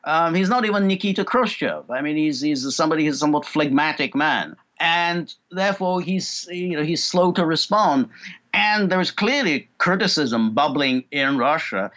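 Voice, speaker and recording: A fairly high-voiced man answers as a guest analyst in a political interview, halting and restarting with many fillers. The sound is dull and muffled, as if from a remote feed. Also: expressive, fairly bright tone.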